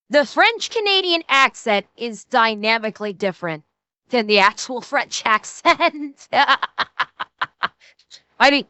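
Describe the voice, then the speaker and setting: A woman's voice: sits high, lively intonation, measured pace, bright, forceful tone, dry recording. A woman streamer reacting to a video on a live stream, joking, swearing freely and laughing often. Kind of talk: casual live-stream commentary.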